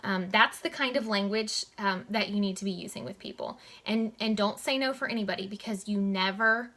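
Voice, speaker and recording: A young woman giving a motivational coaching talk to her network marketing team, talking in a direct, animated way and saying "like" and "guys" a lot. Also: medium pitch, fairly quick.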